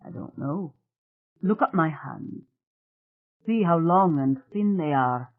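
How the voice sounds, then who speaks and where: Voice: mid-range voice, lively intonation, slow pace. A narrator voicing a very tall, strange man who talks frankly and bluntly with odd politeness, over a tinny phone-like sound.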